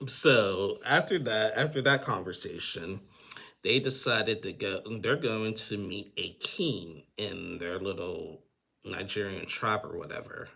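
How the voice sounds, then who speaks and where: Deep, gravelly man recapping casually. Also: measured pace, pushed and bright. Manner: rambling, with frequent restarts and chuckles. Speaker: TV recap host.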